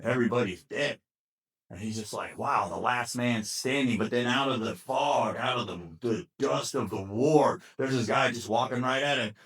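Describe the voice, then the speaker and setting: A man at a family gathering telling a long joke, acting out the characters with lively sound effects. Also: mid-range voice, moderate pace. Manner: animated storyteller acting out characters. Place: outdoors at a family reunion.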